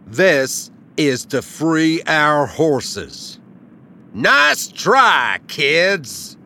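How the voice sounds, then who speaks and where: Tall bandit in a storybook, low slow drawl, kinda menacing, woman doing the voice. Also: big pitch swings, sharp tone, slight background noise, heavily acted. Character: tall outlaw, a grown man, calm and menacing. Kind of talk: storybook reading.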